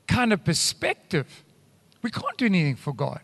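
A man preaches to his congregation, swinging from loud declarations to hushed asides and wandering off his notes. His voice sits high and sounds bright and ringing. A long reverb from the church hall trails his words. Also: huge pitch swings, moderate pace. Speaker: pastor. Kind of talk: sermon.

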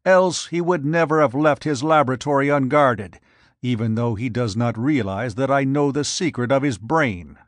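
A man's voice: mid-range voice, moderate pace, no echo, lightly acted. A man reading aloud, voicing a brutish, scheming giant who growls blunt, contemptuous lines. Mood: scornful.

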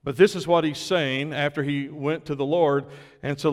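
A man's voice: a little high, steady tone, normal speed, long reverb tail. A man preaching a sermon in an earnest way, building to emphatic peaks, recovering from illness. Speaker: pastor.

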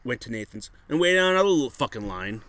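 A man's voice: medium pitch, fast, no room sound. Profane man telling a rambling story. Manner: profane, animated storyteller acting out quotes. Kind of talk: casual storytelling chat.

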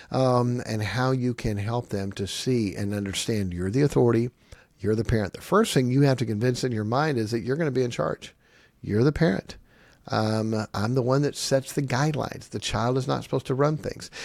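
Gravelly middle-aged guy preaching parenting, punchy, dry close sound. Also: mid-range voice, darkish tone, no echo. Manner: emphatic, acts out kids and parents in quick asides. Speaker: family advice speaker.

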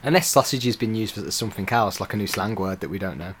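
A man's voice: fairly low pitch, quick pace, slight background noise. A man chatting casually on a podcast, answering with dry, matter-of-fact quips. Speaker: podcast co-host. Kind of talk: casual comedic chat.

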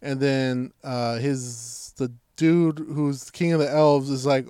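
A man's voice: mid-range voice, level tone, slow, few pauses, warm tone, smooth, no room sound, clean studio sound. A man in casual, profane banter who rambles through stories with many fillers.

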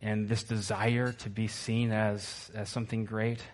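A man's voice: on the low side, little pitch movement, measured pace. A male pastor preaching a sermon to his church, emphatic and repetitive, asking the congregation to answer back.

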